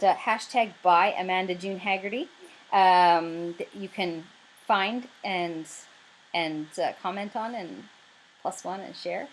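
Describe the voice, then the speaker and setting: A woman's voice: medium pitch, low-quality recording. A woman with a Canadian accent talking casually to camera about her writing campaign, chatty and rambling with lots of fillers. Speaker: writer pitching her crowdfunding campaign.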